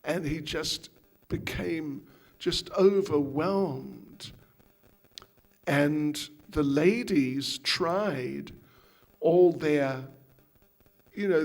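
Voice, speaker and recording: A man giving a storytelling lecture to devotees as a spiritual teacher, animated and acting out the voices in his stories. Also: fairly high pitch, vocal fry.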